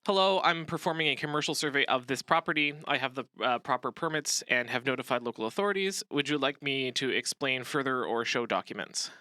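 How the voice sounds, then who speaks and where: A man voicing a calm, professional drone pilot reassuring an upset bystander. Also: medium pitch, no echo. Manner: measured, reassuring.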